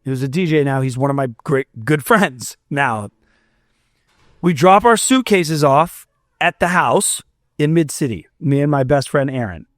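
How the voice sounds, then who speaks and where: A man's voice: on the high side, a little slow, no echo, studio quality. A young man from Florida, a musician telling a story in casual chat, acting out quotes and swearing now and then. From Fort Myers, Florida. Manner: animated, swears, acts out quotes. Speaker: musician guest.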